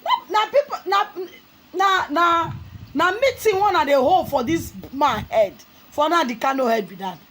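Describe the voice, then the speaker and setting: Nigerian woman, vlog commentator, fiery, scolding, high voice, lively swooping delivery. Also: normal speed, rough recording. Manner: fiery, scolding, often shouting. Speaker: commentary vlogger. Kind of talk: impassioned political commentary.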